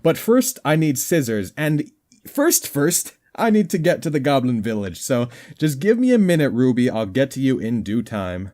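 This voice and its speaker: A man's voice: medium pitch, big pitch swings, normal speed, mellow. Goofy rambling man commenting on a game. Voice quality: voice worn out. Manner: goofy, rambling, jokey asides. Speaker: gaming commentator.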